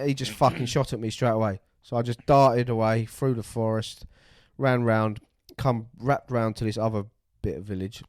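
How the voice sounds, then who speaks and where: A man's voice: mid-range voice, fairly even intonation, moderate pace, hardly any pauses, dry recording, clean studio sound. A man, hosting a podcast and telling a story casually, swearing freely and acting out the voices of the people he met. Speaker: podcast co-host.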